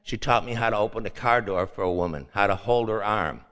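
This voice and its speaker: An older man shares rambling personal stories at a meeting, repeating himself in a folksy way. His voice is bright and forceful, and it rings with a long reverb from the hall. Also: lowish voice, fairly quick. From Chicago. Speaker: speaker sharing at a meeting.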